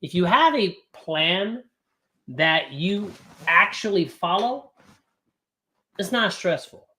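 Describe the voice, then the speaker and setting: Bright-voiced blunt male trading host. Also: high-pitched, slow. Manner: blunt, profane, energetic banter. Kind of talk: live-streamed casual teaching.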